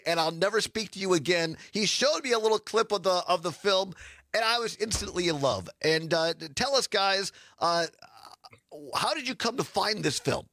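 A man's voice: high voice, pushed and bright, no echo. A man hosting a casual interview, chatty and enthusiastic, welcoming his guests. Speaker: radio host.

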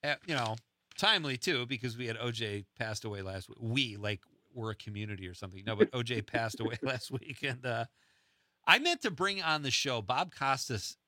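A man hosting a radio talk show with a bright, forceful voice that rises and falls animatedly. He is chatty and laughs often. The sound is dry and close on a studio mic. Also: mid-range voice, lively intonation, a little fast, no room sound. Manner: chatty, laughs often, quotes lines playfully. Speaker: radio host. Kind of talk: casual radio chat.

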